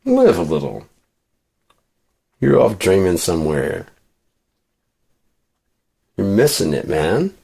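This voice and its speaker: Very deep, gravelly man venting. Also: huge pitch swings, slow pace, long pauses, warm tone. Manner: rambling, profane, restarts often. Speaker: vlogger. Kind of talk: casual venting monologue.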